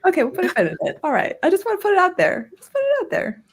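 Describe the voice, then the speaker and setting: Lively woman player pitching ideas. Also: racing. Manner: persuasive, tentative. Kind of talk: casual chat.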